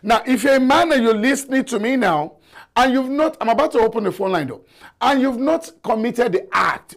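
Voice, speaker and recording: High-voiced, slow, impassioned male host. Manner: impassioned and lecturing; repeats words for emphasis. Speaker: talk show host. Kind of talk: live call-in show monologue.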